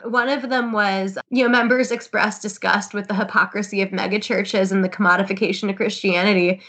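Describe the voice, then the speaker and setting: A woman's voice: mid-range voice, steady tone, a little fast, a bit bright. A woman co-hosting a podcast, telling stories in casual chat. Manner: chatty storyteller, laughs while recounting. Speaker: podcast co-host.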